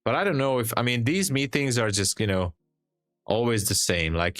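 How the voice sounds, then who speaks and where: A man's voice: medium pitch, moderate pace, a bit bright, dry recording, clean studio sound. A man hosting a day trading livestream, sleepy and rambling in a loose, chatty way. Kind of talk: casual live stream chat.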